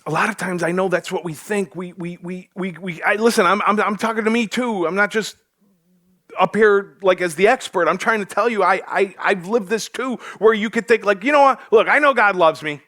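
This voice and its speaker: A man's voice: high-pitched, fairly quick, pushed and bright. A male pastor preaching a sermon to his church, joking with the congregation as he goes. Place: church sanctuary.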